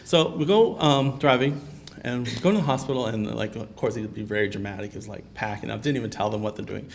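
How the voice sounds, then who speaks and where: A man of middle pitch delivers a conference keynote, earnest and personal, often pausing on fillers as he tells his story. A faint hiss of room noise sits under his voice. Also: gravelly. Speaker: keynote speaker. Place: conference hall.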